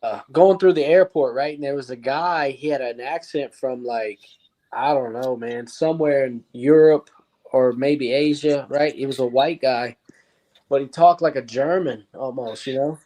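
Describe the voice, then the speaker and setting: A man's voice: mid-range voice, moderate pace, warm tone. A man in a casual chat, talking in an aggrieved, laid-back way and saying "dude" a lot. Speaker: podcast guest.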